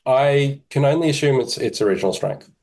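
A man, a podcast guest talking in a relaxed, self-deprecating way with halting restarts. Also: medium pitch. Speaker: podcast guest, kettlebell instructor. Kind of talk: casual interview chat.

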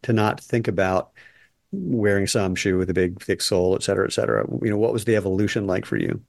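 A man's voice: low voice, quick pace, vocal fry, no echo, studio quality. A man hosting a podcast interview, chatty and jokey with rambling asides. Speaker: podcast host. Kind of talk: casual interview chat.

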